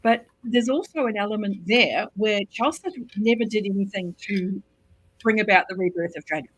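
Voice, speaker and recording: A woman in a casual book discussion, talking through her points in a measured, reasoned way. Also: mid-range voice, breathy edge, no echo, poor audio. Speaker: book club member.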